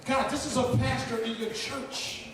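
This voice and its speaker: High-voiced preacher in an echoey hall. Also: male voice, fairly even intonation, moderate pace, distant mic, background noise. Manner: fervent, preaching in short lines for translation. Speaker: guest preacher. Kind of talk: sermon with interpreter. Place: large church hall with congregation. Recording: echoey hall, voice from off-mic, crowd behind.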